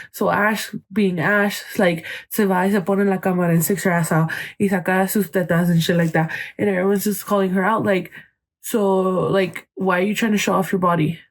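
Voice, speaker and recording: A young woman hosting her own casual podcast, telling a long gossip story. She chats loosely, swears often and slides Spanish phrases into her English. She acts out other people's lines as she goes. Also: mid-range voice. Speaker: podcast host.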